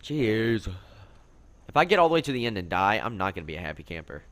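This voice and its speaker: A young man commentating on his own gameplay, excitable, yelping and complaining at the game as he plays. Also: lowish voice, fast talker. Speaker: gaming commentator.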